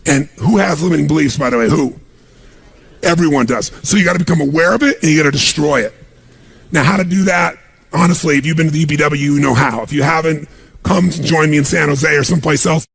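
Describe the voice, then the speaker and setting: Gravelly, husky motivational speaker. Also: male voice, fairly high pitch, fast. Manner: emphatic, drives the audience with repeated commands. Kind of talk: live seminar talk to an audience. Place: large room with a live audience.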